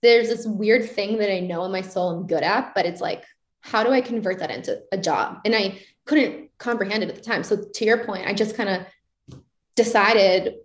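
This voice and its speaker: A woman's voice: mid-range voice, normal speed. Candid young woman in a roomy space. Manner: candid, animated, acts out her own inner questions. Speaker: guest. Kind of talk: casual reflective interview talk. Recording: roomy echoey sound.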